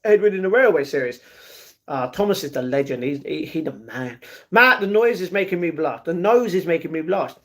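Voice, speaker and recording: A man's voice: a little high, lively intonation, a little fast. A man hosting a casual livestream, reading viewers' chat messages aloud and answering each one directly from home. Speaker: livestream host.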